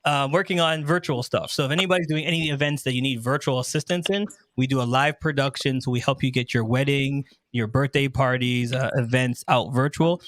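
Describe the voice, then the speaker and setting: A man who works as a wedding MC and DJ chats animatedly as an interview guest, slightly hoarse from earlier yelling. He acts out his own stories, laughs often, and talks fairly quickly with hardly any pauses in an enthusiastic exchange. His voice is medium-pitched, and the recording is dry.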